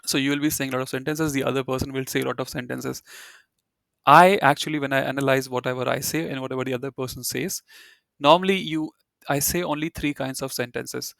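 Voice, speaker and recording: A man's voice: mid-range voice, fairly even intonation, quick pace, vocal fry, fairly bright tone, no room sound, clean studio sound. A man teaching German in an online video-call class, explaining at an easy pace with many "you know" fillers.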